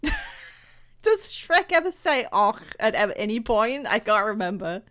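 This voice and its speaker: A woman's voice: a little high, big pitch swings, a little slow, fairly bright tone. A woman streaming a game live, chatting casually with viewers, laughing often and poking fun at herself. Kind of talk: casual livestream chat.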